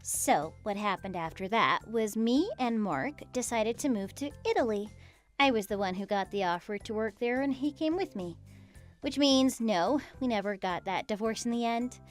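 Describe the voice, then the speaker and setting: A woman's voice: fairly high pitch, animated, moderate pace, faint music behind. Matter-of-fact woman narrating a story.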